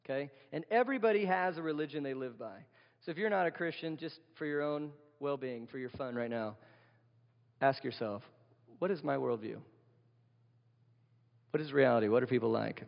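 A man's voice: mid-range voice, brisk, vocal fry. A male pastor delivering a sermon in a conversational style, often putting questions to the congregation, recorded in a church. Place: church sanctuary. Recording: long hall reverb, dull lo-fi sound.

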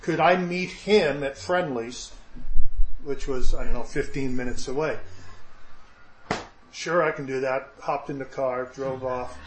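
A man's voice: medium pitch, unhurried, pauses often, reverberant, slight background noise, poor audio. A man preaching a sermon, telling a personal story in a conversational way with self-deprecating humor and frequent restarts. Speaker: pastor.

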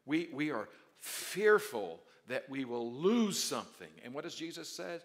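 A male pastor preaching a sermon, dropping to quiet asides and then rising to loud, drawn-out emphatic declarations. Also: a little high, big pitch swings. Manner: stretches key words slowly for emphasis.

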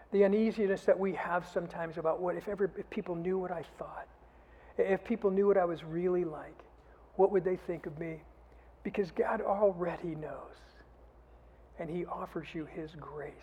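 Husky-voiced pastor in a reverberant hall. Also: male voice, a little high, muffled recording. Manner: earnest, often dropping to a soft, intimate delivery. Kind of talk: sermon.

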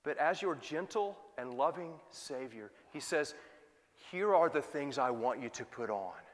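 A male pastor preaching a sermon, moving from loud emphatic questions to soft, quiet asides. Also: mid-range voice, expressive, a little slow, long reverb tail.

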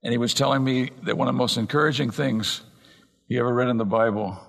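A man preaching an earnest expository sermon from the pulpit, slowing down and speeding up to stress points. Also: medium pitch, steady tone, vocal fry, a bit bright. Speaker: pastor. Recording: long reverb in a large hall.

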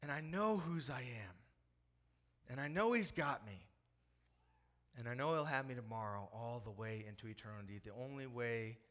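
A man in his thirties preaching a sermon, dropping to hushed lows and rising to loud emphatic peaks, repeating phrases and restarting as he goes. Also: lively intonation, normal speed, long pauses. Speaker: pastor.

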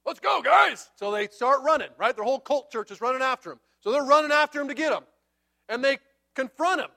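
A man preaching a sermon, telling a Bible story in an animated way and acting out the characters. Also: extremely high pitch, fast talker. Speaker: pastor.

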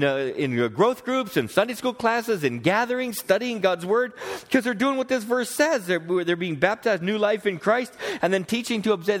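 A middle-aged man preaching to his congregation with a slightly high-pitched voice. He talks in an easy, conversational way, reads scripture aloud and stops to ask the room questions. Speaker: pastor. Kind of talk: sermon. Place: church sanctuary.

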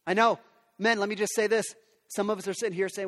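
A man's voice: high voice, flat delivery, quick pace, a bit bright. A man preaching a sermon to parents in an earnest, conversational way. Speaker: pastor. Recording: long reverb of a large hall.

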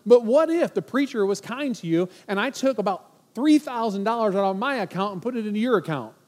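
A man in his forties preaches to his congregation with a high, bright voice. He is animated and playful, dropping into mock-worried voices to make his point. A long church-hall reverb trails each phrase. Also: brisk. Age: 40s. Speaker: pastor. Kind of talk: sermon.

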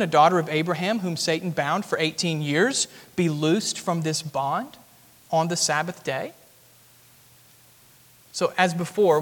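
A man with a notably high voice preaches earnestly, explaining a passage step by step and swelling with emphasis at key points. His words ring out with a long reverb, as if filling a large sanctuary. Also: fairly bright tone. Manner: earnest expository preaching, rising emphatic at climaxes. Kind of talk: sermon.

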